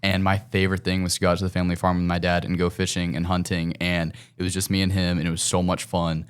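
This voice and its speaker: Earnest smooth-voiced teen guy. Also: low-pitched, monotone, fast talker. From Tennessee. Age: teens. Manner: earnest and articulate, laughs easily. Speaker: guest. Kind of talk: casual interview chat.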